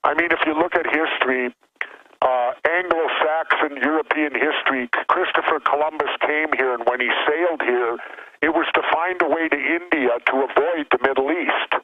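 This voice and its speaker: A man's voice: a little high, moderate pace, no echo. A male guest calling in to a radio interview over the telephone, speaking in a blunt, plainspoken way. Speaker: guest, former politician. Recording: dull phone line with interference.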